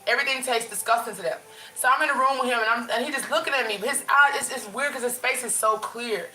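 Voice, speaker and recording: This recording is low quality and echoey, carrying a woman's fast, fairly high, sharp-toned voice. The vlogger, runny-nosed, loosely chats with her livestream viewers from her bedroom, addressing them as y'all and frequently starting sentences over.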